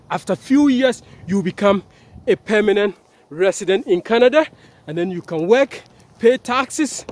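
High-voiced Ghanaian man vlogging outdoors. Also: a little mellow. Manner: chatty, repetitive, corrects himself often. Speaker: vlogger and journalist. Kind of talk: casual direct-to-camera vlog.

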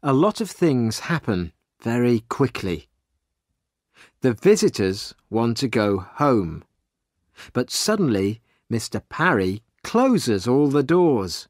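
A man narrating a simple story slowly and clearly for English learners. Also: medium pitch, no echo, studio quality. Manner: slow, clear and expressive reading.

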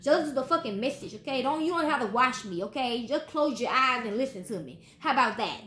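A woman in her twenties with gives a casual tarot reading in a fairly high voice. She talks bluntly, swears freely and keeps tagging "okay?" onto her lines. The sound echoes off the walls of the room. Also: animated, fairly quick, sharp tone. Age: 20s. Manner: blunt, profane, says okay constantly. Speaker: tarot reader.

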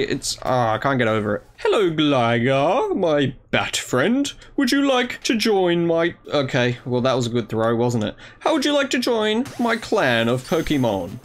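A young man giving chatty, excitable commentary on his own gameplay, talking to the creatures on screen. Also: mid-range voice. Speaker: gaming YouTuber. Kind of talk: casual let's-play commentary.

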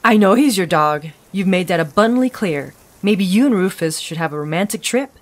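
A woman's voice: fairly low pitch, animated, brisk. A woman voicing an exasperated young woman hiker with a sarcastic edge.

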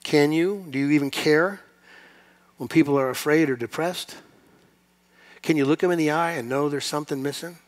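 A man preaching a sermon to his congregation, asking rhetorical questions and building to loud, emphatic peaks. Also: on the high side, normal speed, pauses often. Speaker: pastor.

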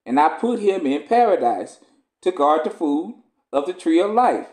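A man reading the slow, measured lines of a stern divine power in archaic scripture language. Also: a little high, big pitch swings, darkish tone. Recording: roomy echo.

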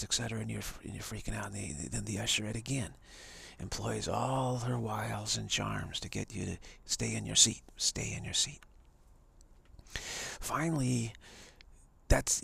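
On a live stream from a home mic setup, a man rambles through a long hypothetical story, restarting again and again in his storytelling monologue. His voice is on the low side and gravelly, with a fairly bright tone, a breathy edge, and no echo.

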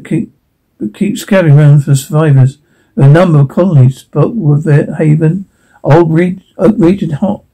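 A man's voice: fairly high pitch, warm tone, rough recording. A man doing an amazed helmeted explorer.

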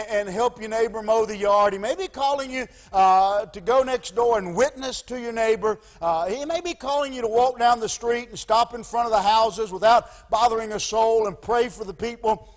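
A pastor preaching in a high voice, halting often on 'uh' and restarting his phrases. His sermon rings with the long reverb of a church hall. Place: church sanctuary.

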